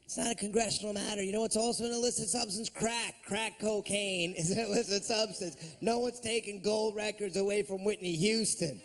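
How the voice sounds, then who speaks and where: A man's voice: sits high, steady tone, a little fast, gravelly, few pauses. A man doing a stand-up comedy routine on a club stage, ranting in a profane, sardonic way.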